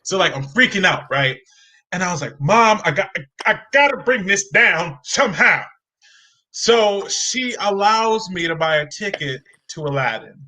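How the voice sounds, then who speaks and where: A young man with a bright, forceful voice that sits a little high for a man. He tells his stories with plenty of energy and acts out the people in them. He is heard over a video call. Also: lively intonation, a little slow, low-quality recording. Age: young adult. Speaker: guest. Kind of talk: animated storytelling.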